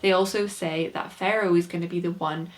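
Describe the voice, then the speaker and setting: Young woman, casual chatty book recap, lots of "like", voice a touch low. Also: fairly even intonation, a little fast. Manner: chatty, peppered with "like". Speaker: book reviewer.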